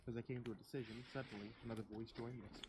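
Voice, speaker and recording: A storyteller narrating a spooky first-person Christmas story in a slow, measured, hushed way. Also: medium pitch, fairly even intonation, background noise. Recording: loud keyboard typing behind.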